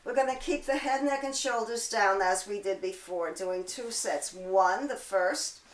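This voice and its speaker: A woman teaching a pilates mat class, counting reps and cueing breath with a slightly hoarse voice and chatty asides. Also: medium pitch, measured pace, echoey room, poor audio. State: throat-clearing, hoarse from allergies. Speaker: pilates instructor. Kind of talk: guided workout instruction.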